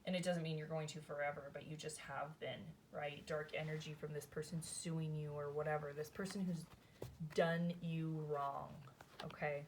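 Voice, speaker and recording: A woman's voice: deep voice, little pitch movement, normal speed, a little hiss or hum. A woman giving a casual tarot reading, thinking aloud in a chatty, rambling way, often adding "like" and "right?". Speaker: tarot reader.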